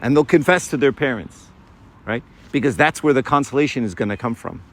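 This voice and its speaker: In an expressive, mid-range voice that moves fairly quickly, a man in his fifties gives young people a conversational talk on faith, with a little hiss or hum in the background. He's informal, checks in often with "right?", and acts out brief scenes using altered voices.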